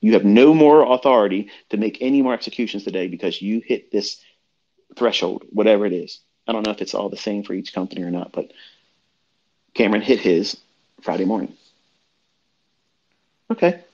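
A man's voice: lowish voice, a little fast, pauses often, darkish tone, lo-fi sound. A man giving a blunt, profane motivational rant as a trading mentor, lecturing his listeners, his voice jumping up when he gets worked up. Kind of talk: profane motivational rant on a live audio chat.

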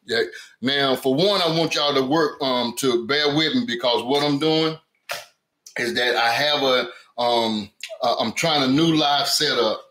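A man's voice: mid-range voice, measured pace, fairly bright tone, slight background noise. A man hosting a home cooking live stream in casual chat, greeting viewers by name and often repeating "you know what I'm saying". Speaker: cooking channel host. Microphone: camera mic on a stand. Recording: roomy echo.

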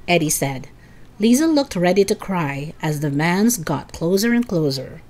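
A woman reading a children's chapter book aloud, raising her voice high and excited for the children's lines. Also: normal speed.

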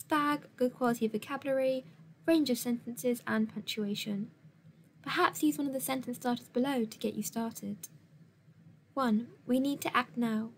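A woman teaches a recorded lesson, her instructions clear and measured apart from the odd filler word. Her voice is a little high, and there's slight background noise.

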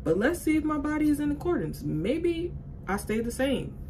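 A woman chatting casually to viewers in a fitness vlog, animated and out of breath, with sudden high exclamations. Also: moderate pace, noisy background. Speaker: fitness vlogger. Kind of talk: casual vlog chat to camera.

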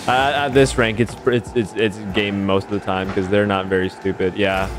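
A young man giving casual, excitable commentary over his own gameplay, swearing and mocking himself, his voice leaping up high in hype moments. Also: normal speed. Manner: excitable, swears, self-mocking, voice leaps up high when hyped. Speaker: gaming YouTuber. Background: background beat music.

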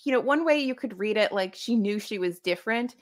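A woman's voice: medium pitch, expressive, fairly quick. A woman hosting a casual live book club podcast, talking through her thoughts in a rambling way with frequent restarts.

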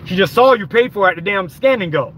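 A man's voice: high voice, expressive, quick pace, fairly bright tone, a little hiss or hum. A man giving an angry, profane, rambling rant while driving, recorded on a phone in his car. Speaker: vlogger. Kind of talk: ranting vlog while driving.

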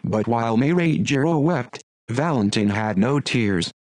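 A man's text-to-speech voice reading a classic story aloud in an even, unhurried way. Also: mid-range voice, dry recording, rough recording. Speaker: audiobook narrator.

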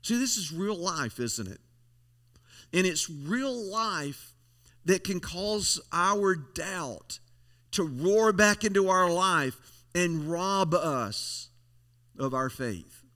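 A man's voice: sits high, lively intonation, slow, bright, forceful tone. A male pastor preaching a folksy, emphatic sermon, leaning on repeated phrases. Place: church sanctuary. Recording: long church hall reverb.

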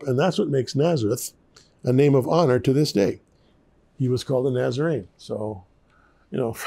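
An older man, a pastor, teaching the Bible in a relaxed, conversational way with chatty asides. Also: mid-range voice, vocal fry.

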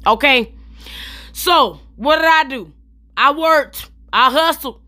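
Bright, sassy young woman storyteller. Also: sits high, takes it slowly. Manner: animated, profane, sassy storytelling with direct asides to viewers. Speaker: comedian telling a story while styling her hair. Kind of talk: storytime vlog.

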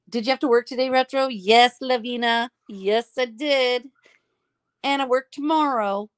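A woman's voice: high-pitched, clean tone. Chatty woman hosting a live stream. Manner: chatty, affectionate, laughs often. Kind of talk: casual live stream chat.

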